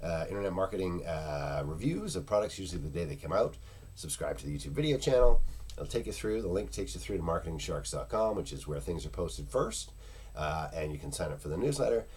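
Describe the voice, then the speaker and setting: A man's voice: low voice, lively intonation, fairly quick, a little mellow, breathy edge. A man talking casually and unscripted in a product review video, rambling and searching for words with many fillers. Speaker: internet marketing product reviewer.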